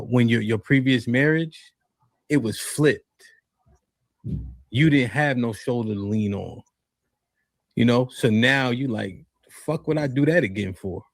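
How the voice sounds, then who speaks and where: A man's voice: medium pitch, gravelly, dry recording. A man in casual chat, blunt and slangy, often restarting his sentences.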